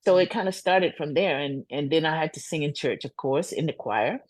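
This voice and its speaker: An older woman, a singer, tells stories with animated energy and acts out the voices she quotes. She laughs easily as she talks, and her voice sounds dry and close. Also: sits low, brisk, no echo. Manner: laughs often while talking. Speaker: singer and guest. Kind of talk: storytelling in a casual interview.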